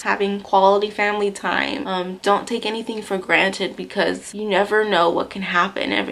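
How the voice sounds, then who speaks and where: A young woman vlogger talking candidly and reflectively to her camera, halting now and then with fillers. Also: medium pitch, creaky, fairly bright tone. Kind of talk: reflective personal talk to camera.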